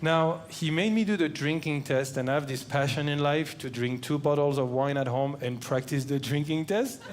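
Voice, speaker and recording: A man doing stand-up comedy, telling a story in a slow, deadpan way, into a handheld mic on a club stage. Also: a little high. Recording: noisy room with laughter.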